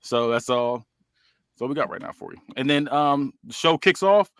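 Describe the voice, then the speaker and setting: A man's voice: mid-range voice, animated, moderate pace, creaky, fairly bright tone, smooth. A man co-hosting a podcast, narrating a fantasy wrestling show in casual chat with loose slang and frequent laughter.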